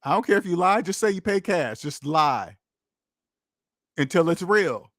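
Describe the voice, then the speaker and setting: Blunt male money host, higher voice, preachy and direct, dry close sound. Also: lively intonation, unhurried, a bit bright, dry recording. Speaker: podcast host giving money advice. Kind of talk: casual call-in show talk.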